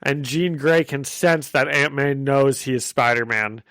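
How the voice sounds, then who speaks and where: A man's voice: medium pitch, unhurried, a bit bright, dry recording. A man co-hosting a casual comic-book podcast, recapping the story and laughing often. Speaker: podcast co-host.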